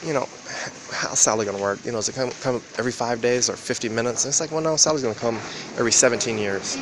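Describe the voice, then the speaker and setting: A man vlogging in a rambling, profane monologue, acting out quoted exchanges with sudden jumps in pitch. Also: fast talker, noisy background. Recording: loud background ambience.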